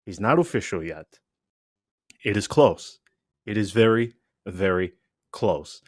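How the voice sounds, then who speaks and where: A man hosting a casual podcast chat, animated and rambling, full of asides and restarts. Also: fairly low pitch, takes it slowly, dry recording, studio quality. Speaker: podcast host.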